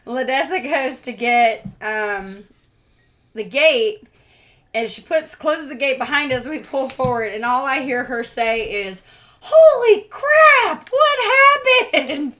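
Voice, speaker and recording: A woman co-hosting a homestead chat show, telling a story in a lively way, laughing often and acting out the voices she quotes. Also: a little high, a little slow. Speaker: co-host of homestead Q and A.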